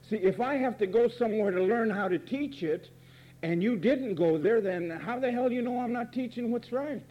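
A man's voice: very high voice, normal speed, dull audio. A man preaching a fiery, sarcastic sermon from the pulpit, emphatic and blunt. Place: church pulpit.

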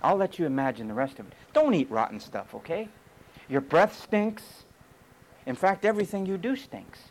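A man's voice: fairly high pitch, animated, normal speed, slight background noise, rough recording. A male preacher delivering an emphatic sermon full of rhetorical questions.

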